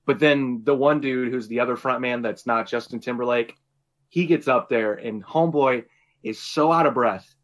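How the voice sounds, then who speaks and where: A man's voice: mid-range voice, normal speed. A man co-hosting a podcast in casual chat, telling a story animatedly with frequent swearing and laughter. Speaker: podcast co-host.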